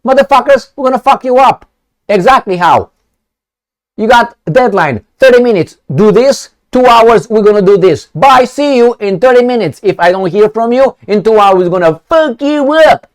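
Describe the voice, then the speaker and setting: A man plays a gruff, foul-mouthed spokesman for a great power, barking short ultimatums with hard deadlines. His voice rides noticeably high and loud, with a lively, jumping pitch. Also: normal speed, no room sound. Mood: menacing. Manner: profane, threatening, clipped orders. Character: blunt menacing male Kremlin spokesman issuing ultimatums.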